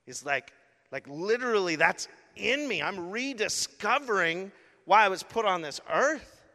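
Animated pastor preaching in a big echoing hall. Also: male voice, high-pitched, a little slow. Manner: animated storytelling with many "like" fillers. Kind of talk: sermon. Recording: long hall reverb.

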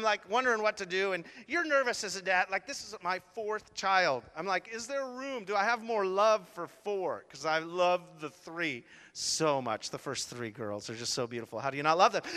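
Middle-aged guy preaching, high bright voice, casual jokey storytelling. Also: long reverb tail. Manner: animated, chatty storytelling with asides. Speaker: pastor. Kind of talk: sermon.

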